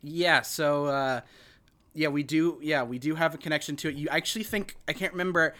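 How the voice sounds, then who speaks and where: Podcast host, man with a bright, sharp voice, loose joking delivery. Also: fairly high pitch, fairly quick. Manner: rambling, joking, many restarts. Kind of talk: casual chat.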